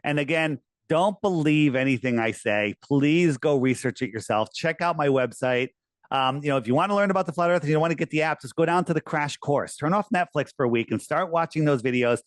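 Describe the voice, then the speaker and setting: A man in a casual interview who talks in an animated, persuasive way and often restarts his sentences. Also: a little high, a little fast, no room sound. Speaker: interviewee, flat-earth promoter.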